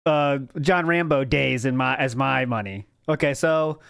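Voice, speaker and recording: A co-host in casual stream chat, cracking dry jokes and laughing often. The voice sits at a middling pitch. The sound is very dry and close to the mic. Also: unhurried, vocal fry, fairly bright tone, smooth, dry recording.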